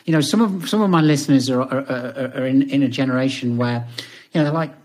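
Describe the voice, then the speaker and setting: A man hosting a podcast, asking long questions haltingly and repeating words as he searches for them. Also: medium pitch, a little mellow. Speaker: podcast host. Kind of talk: interview questions.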